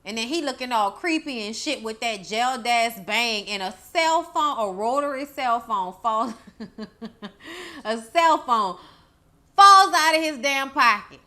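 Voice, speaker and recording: A young woman with a bright, ringing voice, sitting slightly high in her range, recapping a horror movie in casual chat. She is sassy and profane and keeps scolding the characters as if they could hear her. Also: animated, measured pace. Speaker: movie reviewer.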